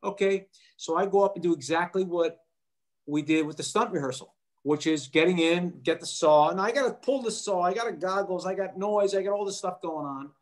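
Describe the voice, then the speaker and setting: A middle-aged man tells a story as an interview guest, fairly high for a man's voice. He is animated and brings the people in his story to life by acting out their lines. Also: a little fast. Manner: animated, acts out quoted voices. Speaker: actor guest.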